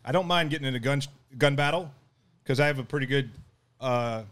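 A middle-aged man, a podcast guest, tells a story in casual chat. He talks in an animated way, laughs often and acts out what people said. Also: medium pitch, a little fast.

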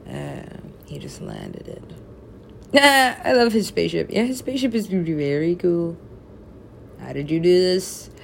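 A woman's voice: lowish voice, wildly swooping pitch, unhurried, gravelly, slight background noise. A young woman in casual chat with friends, rambling, laughing often and swearing freely.

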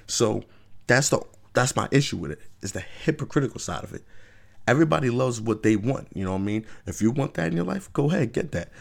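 A man's voice: medium pitch, gravelly. A man hosting his own vlog, giving casual opinion commentary in an emphatic, rambling way with frequent rhetorical check-ins. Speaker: vlog host.

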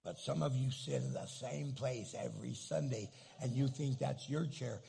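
Man, pastor, sermon, gravelly, husky, lively pitch, comic asides. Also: moderate pace. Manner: animated, acts out angry churchgoers in comic asides.

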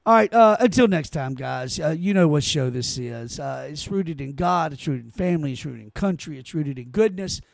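A man hosts his own podcast in an indignant, emphatic rant, often repeating phrases for effect. His voice sits fairly high for a man. The sound is dry and close, with no room echo. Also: expressive, normal speed, gravelly, few pauses. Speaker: podcast host. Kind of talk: opinionated solo podcast rant.

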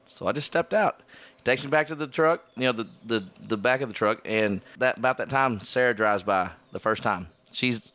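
A man's voice: medium pitch, moderate pace, a bit bright, no echo. A man telling a story in casual podcast chat, laughing, swearing and acting out the cops' lines. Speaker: podcast host. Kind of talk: casual storytelling among friends.

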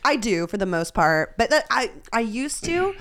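A woman's voice: a little high, very animated, normal speed, a bit bright. A young woman from Texas with a Texan accent, chatting casually as a podcast guest, laughing often and filling her talk with "like". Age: young adult. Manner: laughs often, frequent "like" fillers. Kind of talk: casual chat.

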